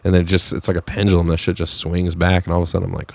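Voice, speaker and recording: A man's voice: deep voice, level tone, racing, vocal fry, a little mellow. A man co-hosting a podcast, chatting casually, laughing often and swearing freely. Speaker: podcast co-host. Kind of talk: casual chat.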